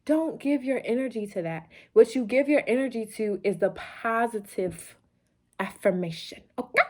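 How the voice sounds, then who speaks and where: A woman's voice: a little high, animated, moderate pace, darkish tone. A woman hosting a motivational vlog, talking playfully and preachily to the camera late at night, a little loopy, repeating phrases for emphasis. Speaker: vlog host.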